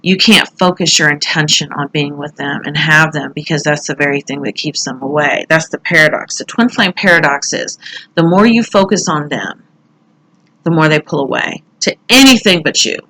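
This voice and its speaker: A woman's voice: low voice, moderate pace, bright, forceful tone, poor audio. A middle-aged woman talking casually through a tarot reading, chatty and candid, now and then swearing or laughing at herself. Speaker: tarot reader.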